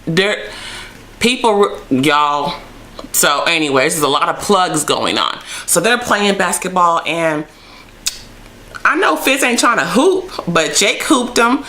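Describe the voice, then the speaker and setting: A woman's voice: on the low side, very animated, takes it slowly, sharp tone. A young woman reviewing a TV episode in a chatty, playful vlog, acting out bits of dialogue. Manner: chatty, playful, acts out characters' lines. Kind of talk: casual recap vlog.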